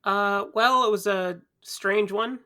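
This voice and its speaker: A man hosts a mock courtroom podcast with playful formality, reading out the proceedings. His voice is high for a man and bright. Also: slow pace. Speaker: podcast judge presiding.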